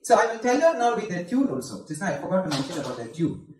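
A man's voice: high-pitched, very animated, background noise. A man teaching a group how to chant a mantra, patiently explaining each part and often checking with "okay?". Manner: chants the mantra in a slow sung tone. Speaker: spiritual teacher. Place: devotional centre hall. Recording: echoey hall, from far off.

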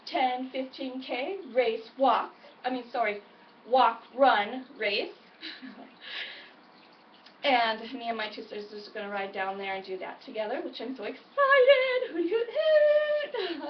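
A cheerful woman chats in a high, bright-toned voice, encouraging viewers like a friend. She is recorded at home in an echoey room, a little away from the mic. The sound is somewhat dull and muffled. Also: far from the mic, a little hiss or hum. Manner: upbeat, chatty, encouraging. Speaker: weight-loss vlogger. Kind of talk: casual chatty vlog.

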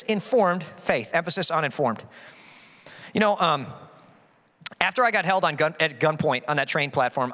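A male pastor preaching a sermon in an animated way, often acting out voices he quotes. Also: a little high, big-room sound.

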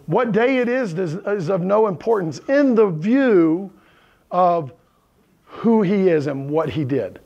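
A male pastor delivers a conversational sermon from the pulpit. His voice sits high for a man and has a gravelly, crackly texture, and he keeps pausing to check in with his listeners. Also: animated, a little mellow, muffled recording. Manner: checks in with the congregation, asking "right?" and "okay?". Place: church sanctuary with congregation.

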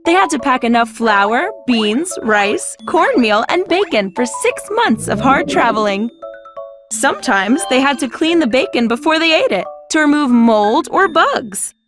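A woman's voice: high voice, big pitch swings, measured pace, music in the background. A woman voicing a cheerful mother explaining pioneer cooking in a children's storybook. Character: cheerful pioneer mom giving a talk. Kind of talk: storybook character voice.

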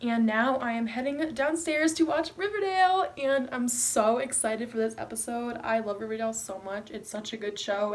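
A woman's voice: a little high, a little fast, hardly any pauses. A young woman chatting to camera in a casual vlog, bubbly and gushing, giggling often. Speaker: vlogger.

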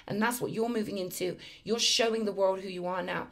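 A woman's voice: mid-range voice, steady tone, fairly quick. A woman giving an effusive, emphatic spiritual tarot reading in a chatty way to her viewers. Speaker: tarot reader.

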